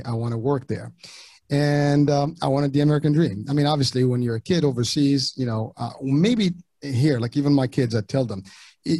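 A middle-aged man from Morocco, whose first languages were French and Arabic, talking casually as an interview guest in halting sentences with many restarts. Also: mid-range voice, warm tone, no room sound. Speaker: podcast guest.

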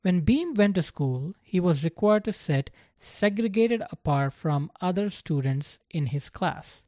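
A narrator reading a story aloud in a slow, deliberate scripted style. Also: mid-range voice, lively intonation, warm tone, dry recording, clean studio sound.

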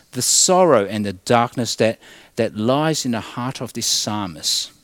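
A man preaching a sermon as pastor, swinging from loud emphasis to hushed, quiet tones. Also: medium pitch, no room sound.

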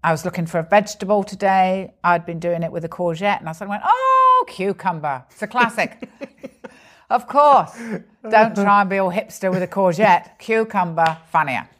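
A woman's voice: medium pitch, a little fast. A woman, a stand-up comedian, chatting animatedly in an interview and acting out the voices of people in her stories. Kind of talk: conversational interview.

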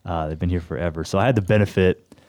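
A man's voice: low voice, quick pace, darkish tone. A young man from Tennessee, hosting a radio show in casual, rambling chat and laughing easily. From Tennessee, USA.

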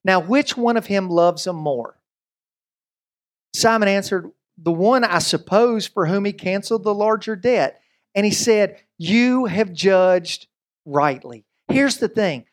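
A man preaching a sermon as pastor, conversational and animated, with quick asides and voiced quotes. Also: high voice.

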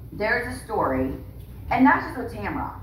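A woman's voice: fairly high pitch, sing-song, slow pace. A woman podcast co-host talking in a fired-up, indignant way in casual chat. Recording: roomy, distant mic, faint noise.

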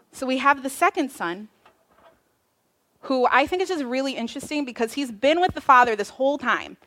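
A woman preacher giving a casual, animated sermon, retelling a parable with slang. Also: high-pitched, brisk. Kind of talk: conversational sermon.

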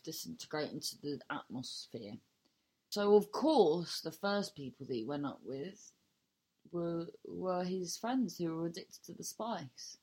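Slow, low-voiced rambling woman podcaster. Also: a little mellow. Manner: rambling, improvised storytelling with frequent restarts; swears freely, self-mocking humour. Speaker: podcast host and comedian. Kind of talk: casual solo podcast chat.

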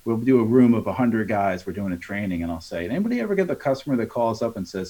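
A man's voice: on the low side, lively intonation, fast talker, hardly any pauses, warm tone. A man training contractors on sales in an interview, speaking in a coaching tone, acting out customer dialogues and often adding "right?". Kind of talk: conversational podcast interview.

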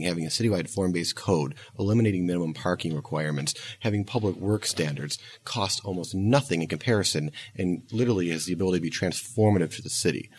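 A man's voice: low voice, breathy edge. A man in a conference audience making an emphatic, enthusiastic point. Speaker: audience member asking a question. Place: conference session room.

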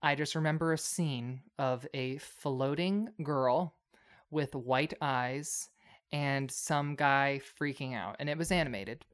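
Chatty young man with a smooth voice. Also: medium pitch, takes it slowly, fairly bright tone. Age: 20s. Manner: rambling storyteller, lots of "like" and "um". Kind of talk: casual chat.

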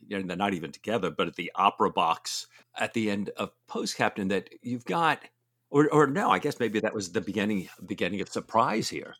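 A man's voice: on the low side, fairly bright tone, dry recording. A man co-hosting a podcast, chatting enthusiastically about a novel. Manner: enthusiastic, laughs often. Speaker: podcast co-host. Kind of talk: casual book discussion.

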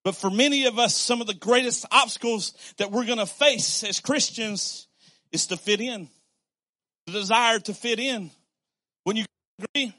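A male pastor delivers a lively sermon from a pulpit, talking to the congregation as if chatting. His voice sits high for a man and rings bright and forceful. He repeats himself for emphasis and slips into little acted-out quotes. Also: moderate pace. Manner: conversational, animated preaching with repetitions and acted-out quotes.

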